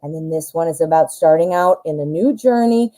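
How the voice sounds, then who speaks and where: A woman's voice: deep voice, a little fast, warm tone, rough recording. A woman in her forties hosting a live tarot reading stream, chatting casually with fillers and self-corrections as she thinks aloud.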